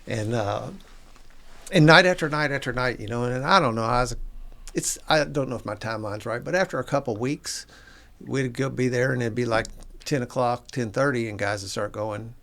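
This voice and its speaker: Gravelly guy, chill, reflective, lots of you know and uh. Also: mid-range voice, moderate pace. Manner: relaxed, reflective, trails off with fillers. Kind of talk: casual storytelling chat.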